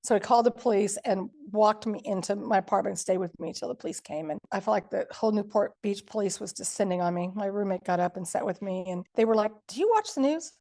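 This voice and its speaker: Woman, gravelly voice, mellow tone, emotional personal storytelling. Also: mid-range voice, fairly even intonation, fast, few pauses. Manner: vivid, emotional retelling with acted quotes. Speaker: podcast guest telling her story.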